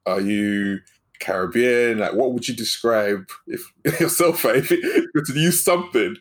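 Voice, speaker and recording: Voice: medium pitch, measured pace. Host asking brief questions. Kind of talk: interview questions.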